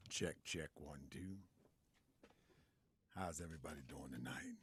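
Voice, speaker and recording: A man's voice: rumbling low, a little slow, pauses often, fairly bright tone, breathy edge. A man hosting a live stream, talking loosely to his viewers with frequent laughs, repeated phrases and calls of fam. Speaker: livestream show host. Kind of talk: casual livestream talk to viewers.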